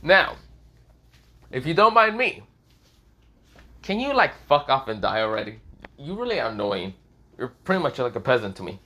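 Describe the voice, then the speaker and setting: A man's voice: mid-range voice, very animated, moderate pace, pauses often, pushed and bright. A man voicing a brash, cocky young male fighter who taunts his enemy with crude insults. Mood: mocking.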